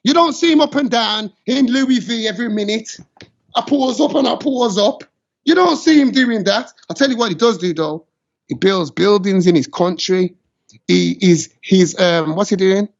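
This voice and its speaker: A high-voiced man rants with passion, dropping into patois as he builds his case. The recording is muffled and lo-fi. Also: moderate pace, gravelly. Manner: passionate, ranting, slips into patois. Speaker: show host. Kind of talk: heated opinion chat. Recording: dull lo-fi sound.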